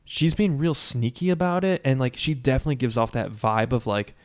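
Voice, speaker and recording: With a brisk, clear, resonant mid-range voice, a man chats casually on a podcast while recapping a film's plot. His storytelling is lively and full of "like," and he slips into character voices to act out quotes.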